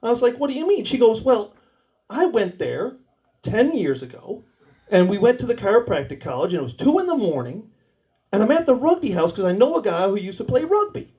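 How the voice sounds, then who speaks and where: A man's voice: high-pitched, big pitch swings, fairly quick, dark tone, poor audio. A man with an American accent doing crude, rambling stand-up stories at a small warehouse comedy night, acting out the dialogue. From United States. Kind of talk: stand-up storytelling.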